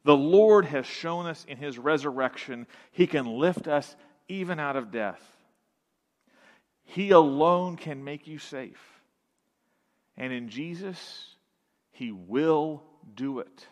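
A man preaching a sermon as pastor, emphatic, with dramatic pauses, dropping to a hush and then swelling again. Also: fairly high pitch, lively intonation. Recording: long reverb of a large hall.

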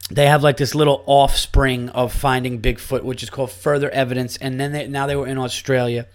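A man hosting his own podcast as a comedian, ranting in a casual, incredulous way and swearing often. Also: fairly high pitch.

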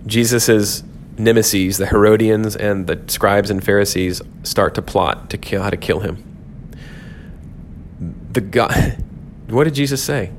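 A man hosts a devotional podcast, teaching on scripture in an earnest, reflective way and repeating key phrases for emphasis. His voice is on the low side and unhurried, with a little hiss or hum.

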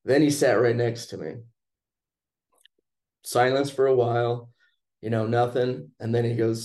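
Relaxed man with a dark voice, telling a story. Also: medium pitch, unhurried, long pauses. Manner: relaxed, chatty, acts out quoted lines. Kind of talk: casual storytelling conversation.

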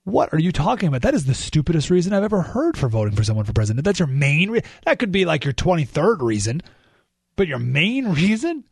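A man hosting a talk radio monologue. He speaks in a fairly high, animated voice that jumps into exclamations. The sound is dry and close on a studio microphone. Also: fast, vocal fry, breathy edge, no room sound. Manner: animated, exclamatory, thinking aloud with restarts. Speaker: radio talk show host.

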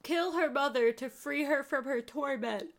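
A woman's voice: sits high, normal speed. A woman co-hosting a podcast in casual chat, with a dry, sarcastic manner. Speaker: podcast co-host.

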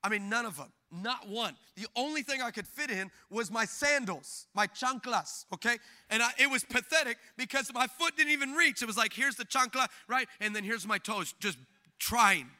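A man preaching a sermon, telling a funny story in an animated, jokey way and acting out the people in it. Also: extremely high pitch, normal speed. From Hispanic background. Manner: animated, jokey, acts out quoted people with big shifts in loudness. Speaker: pastor.

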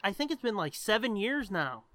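High, bright-voiced man in animated banter. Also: normal speed, no room sound. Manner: animated, swears a lot, rambling. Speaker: podcast co-host. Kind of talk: casual chat.

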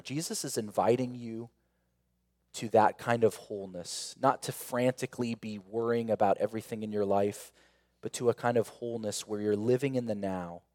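A man pastor preaching a sermon, earnest, with rhetorical questions and repeated phrases, swelling to emphatic peaks and then falling quiet and intimate. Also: on the low side, long reverb tail.

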